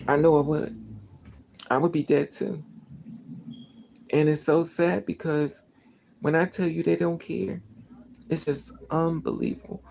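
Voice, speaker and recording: A vlogger's indignant storytelling rant with a dark, gravelly tone. The voice keeps circling back to the same phrases to hammer them home, with heavy fry on the low notes. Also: slight background noise, low-quality recording. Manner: emotional, indignant, repeats phrases for emphasis.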